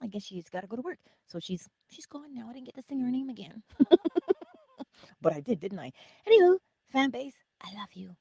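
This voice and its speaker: Husky-voiced woman hosting an inspirational livestream. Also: on the high side, big pitch swings, a little fast, a little mellow, no room sound. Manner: playful, drops often into whispers and laughs; chatty, greets viewers by name. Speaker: livestream host.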